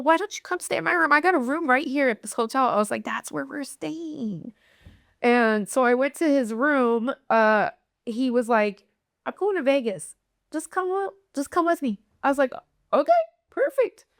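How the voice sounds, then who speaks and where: Young woman from nebraska telling her story, smooth voice, dry close sound, does little voices for people. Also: on the high side, no room sound. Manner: candid, acts out quoted voices, many fillers. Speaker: guest. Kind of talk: personal storytelling in conversation.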